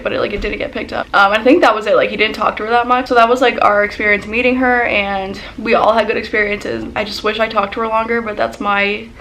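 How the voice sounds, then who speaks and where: A young woman vlogger telling a casual storytime as an excited fangirl, full of "like" and quoted dialogue. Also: medium pitch, slight background noise. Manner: excited fangirl gushing, lots of "like".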